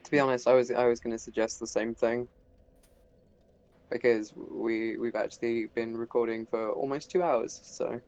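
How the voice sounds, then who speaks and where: A man's voice: mid-range voice, fairly even intonation, normal speed, darkish tone. A man recording a casual gaming session, easygoing with short replies and frequent laughs. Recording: slightly dull lo-fi mic.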